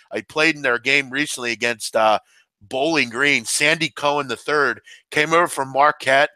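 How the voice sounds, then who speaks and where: Bright, animated man talking betting picks. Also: medium pitch, no echo. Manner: animated, excitable, full of shout-outs. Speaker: sports betting host. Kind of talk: betting analysis chat.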